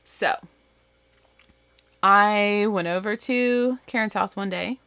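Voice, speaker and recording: A woman's voice: medium pitch, slow pace, sharp tone, clear, resonant tone, dry recording. A woman in her thirties telling a story from her bedroom at home, chatty and rambling, with lots of asides. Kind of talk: casual storytelling.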